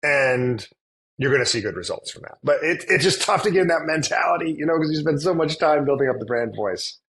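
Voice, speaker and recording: A man's voice: on the high side, animated, fairly quick, fairly bright tone, slight background noise, rough recording. Man chatting loosely as a podcast guest. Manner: loose, rambling, many fillers and restarts. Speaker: guest, influencer marketing agency CEO. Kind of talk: casual conversational interview.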